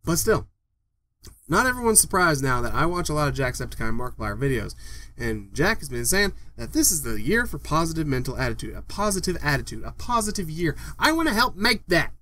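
A young man ranting in a home vlog from his bedroom, swearing a lot and breaking into loud outbursts. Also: a little high, big pitch swings, brisk, a little hiss or hum. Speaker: vlogger. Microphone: desktop microphone.

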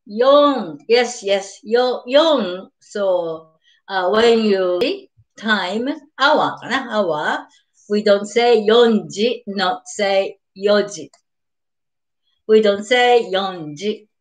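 An older woman speaks in careful, slow English with a Japanese accent. Her voice sits at an ordinary pitch. She repeats each word patiently for her beginner students. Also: lively intonation. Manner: slow and patient, repeats words, laughs often, greets viewers. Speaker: Japanese teacher. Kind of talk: live-streamed beginner language lesson.

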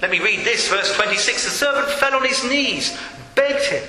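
A man's voice: high-pitched, expressive, moderate pace, bright, forceful tone. A man preaching a sermon as pastor, reading scripture aloud and acting out its quotes in an earnest way. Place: church hall. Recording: echoey church hall with long reverb.

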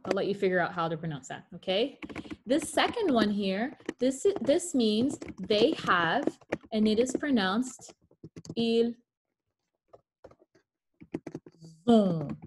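A woman's voice: medium pitch, animated, measured pace, background noise. A woman teaching French pronunciation on a video call, taking her time over each word. She reads the French examples out with care and drops in light, joking asides between them. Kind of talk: online class teaching pronunciation.

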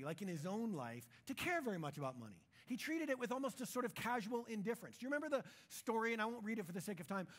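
A man preaching a sermon in a church, in a conversational, jokey and animated way. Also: sits high. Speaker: pastor.

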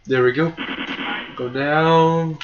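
A young man with a slightly high voice takes his time while casually commentating his own speedrun, rambling, mocking himself, and tossing out sarcastic asides. The recording is muffled and lo-fi, with a steady hiss.

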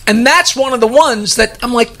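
A man with a high, gravelly voice and a bright, tense edge talks casually as a comedy guest. He rambles through his jokes, chuckling at his own lines as he builds to the punchline. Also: moderate pace. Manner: chuckles while telling jokes, rambling storyteller. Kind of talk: casual chat and joke telling.

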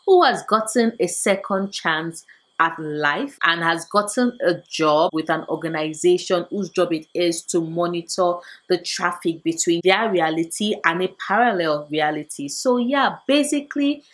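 A woman book vlogger from Nigeria, chatting casually through book recommendations with animated asides. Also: fairly low pitch, measured pace, low-quality recording.

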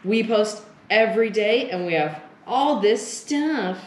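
A woman's voice: medium pitch, expressive, takes it slowly. A woman co-hosting a casual card-collecting video, speaking directly to viewers in an upbeat, coaxing way. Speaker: co-host of a trading card channel. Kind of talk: casual chat. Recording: echoey room with faint hiss.

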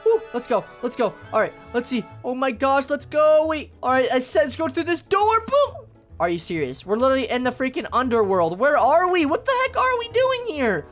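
A young woman calls out her gameplay in a high, bouncing voice that leaps up and down, excitable and quick to shriek or gasp. Faint game music sits under her commentary. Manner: excitable, shrieks and gasps often. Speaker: gaming YouTuber. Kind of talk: let's-play commentary.

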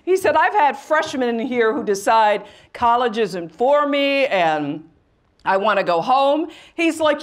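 A woman's voice: fairly high pitch, sing-song, takes it slowly. A middle-aged woman from rural Missouri giving a motivational talk to students, telling her story with animation and voicing the people in it. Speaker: guest speaker. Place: college event with audience.

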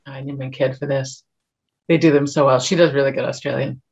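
A woman's voice: rumbling low, steady tone, fairly quick, darkish tone, husky, lo-fi sound. A woman actor from Canada, a guest on a podcast, chatting casually and laughing at herself. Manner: laughs easily, self-deprecating. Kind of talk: casual interview chat.

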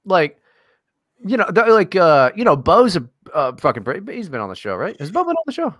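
A man's voice: sits high, huge pitch swings, fairly quick, a bit bright, no room sound, studio quality. An American man co-hosting a podcast, talking in a casual, profane and sarcastic way with lots of fillers. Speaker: podcast co-host. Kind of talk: casual chat.

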